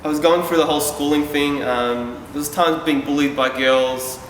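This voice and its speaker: A man's voice: fairly high pitch, fairly even intonation, moderate pace, fairly bright tone, slight background noise. A man from Yugoslavia telling a personal story to a live audience, speaking candidly and casually with self-deprecating asides. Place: event hall. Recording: echoey hall from far off.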